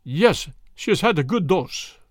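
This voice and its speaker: A man voicing an anxious, imperious merchant husband in a read-aloud story, speaking urgently and forcefully. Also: sits high, expressive, a little slow, no room sound, clean studio sound.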